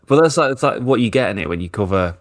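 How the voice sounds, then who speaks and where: A man's voice: on the low side, expressive, quick pace, no echo, clean studio sound. A man with a Northern English accent, a football journalist telling self-deprecating stories in casual podcast chat.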